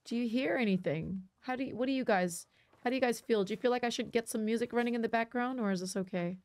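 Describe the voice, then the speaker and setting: A woman live-streaming a co-op survival game, chatting with viewers and teammates and reacting loudly when startled. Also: on the high side, quick pace. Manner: chatty, talks to viewers, jumpy loud reactions. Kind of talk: live co-op gameplay chat.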